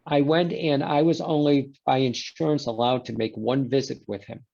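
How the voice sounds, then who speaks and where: Gravelly-voiced man telling a story. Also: medium pitch, normal speed, muffled recording. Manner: animated storyteller who voices quoted exchanges. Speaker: guest. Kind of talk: storytelling in a conversation.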